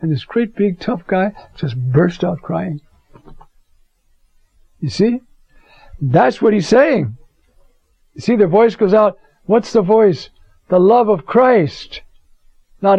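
A man's voice: high voice, lively intonation, measured pace, pauses often, a little mellow, no room sound. An older man giving an informal Bible lesson. He tells personal stories in a folksy way and keeps asking "you see?". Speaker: Bible teacher. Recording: dull lo-fi dry recording.

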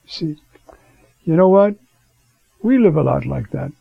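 A man's voice: fairly high pitch, lively intonation, unhurried, gravelly, slightly rough, no room sound, narrow, tinny audio. A man teaching a Bible class in a chatty way, asking rhetorical questions and dropping in fillers. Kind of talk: conversational scripture class.

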